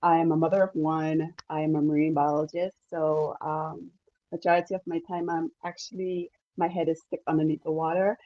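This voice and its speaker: A woman's voice: low-pitched, flat delivery, fairly quick. A woman, a guest cosplayer chatting on a video call, easygoing and modest, laughing often. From British Virgin Islands. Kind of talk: casual video call interview. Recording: dull lo-fi call audio.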